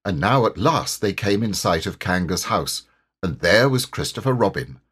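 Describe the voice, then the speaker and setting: Male audiobook reader, husky, lively lilt, storybook narration. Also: low voice, normal speed.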